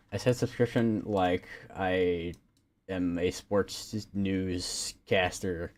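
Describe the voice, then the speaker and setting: A man's voice: low voice, fairly even intonation, extremely slow. A man hosting a live weather stream, talking casually and rambling with lots of fillers and restarts. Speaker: livestream weather host.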